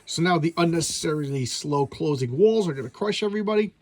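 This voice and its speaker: A man's voice: a little high, animated, fast talker, no room sound. A man reviewing an old comic book in a casual, blunt, rambling way, often restarting his sentences.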